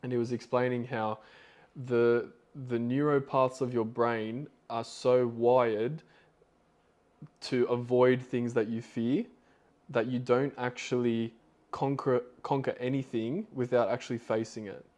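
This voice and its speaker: A man's voice: mid-range voice, little pitch movement, unhurried, a little mellow. A man hosting a podcast, retelling a story in a loose, rambling way with lots of fillers. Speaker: podcast host.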